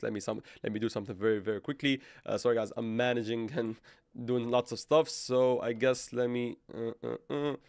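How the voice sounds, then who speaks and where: A man's voice: mid-range voice, dry recording, clean studio sound. A man hosting a live trading stream, reading viewer comments and thinking aloud with frequent stumbles and restarts. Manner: halting, stumbles and restarts, thinks aloud while working charts. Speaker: crypto trading livestream host.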